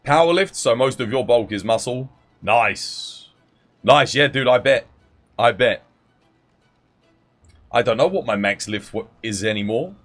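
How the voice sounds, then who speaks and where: A man's voice: mid-range voice, expressive, a little slow, long pauses, fairly bright tone, soft background music. A man live-streaming a game, chatting casually, greeting viewers by name and explaining game mechanics. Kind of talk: casual live-stream chat and gameplay tips.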